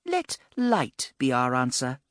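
A man's voice: mid-range voice, wildly swooping pitch, slow pace, a bit bright, no room sound, clean studio sound, full character voice. A man voicing an ancient giant female serpent spirit, commanding and dismissive. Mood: imperious. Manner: imperious, clipped.

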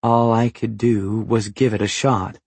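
A man reading a novel aloud as narrator, in a measured, even storytelling manner. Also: lowish voice, husky, dry recording. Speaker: audiobook narrator. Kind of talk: scripted narration.

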